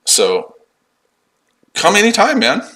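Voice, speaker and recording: A man's voice: high-pitched, huge pitch swings, takes it slowly, sharp tone, low-quality recording. Sarcastic, combative male trading streamer. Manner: combative, sarcastic, swears, mocks the chat. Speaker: day-trading livestream host. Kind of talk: live-stream chat answering viewers. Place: his shed.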